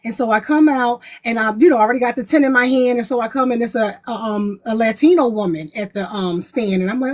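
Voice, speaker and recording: A woman's voice: a little high, quick pace, hardly any pauses, a little mellow. A woman panelist chatting casually and telling anecdotes, acting out what people said. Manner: chatty anecdotal storyteller, acts out quotes. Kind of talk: casual storytelling chat.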